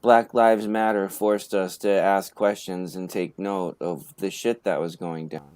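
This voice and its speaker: A man's voice: deep voice, steady tone, measured pace, a little mellow, clean tone. A man on a casual live panel talk who speaks passionately and swears freely. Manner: passionate and profane.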